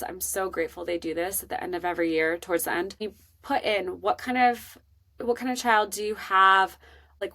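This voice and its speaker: A woman hosting a podcast, telling a personal parenting story in an earnest, emotional and expressive way. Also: medium pitch. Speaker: podcast host.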